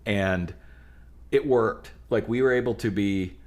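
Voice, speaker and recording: A man from the Pittsburgh area, a musician guest on a podcast, telling band stories in an animated, rambling way with frequent restarts. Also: on the low side, a little slow. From Pittsburgh area, USA. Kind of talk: casual chat.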